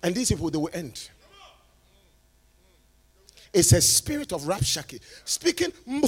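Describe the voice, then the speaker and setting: A man with a very high, gravelly voice delivers a conference sermon. His pitch swings widely as he drops to near-murmurs and then rises into shouted, sing-song preaching. There is a husky edge to it. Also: big pitch swings, measured pace, long pauses.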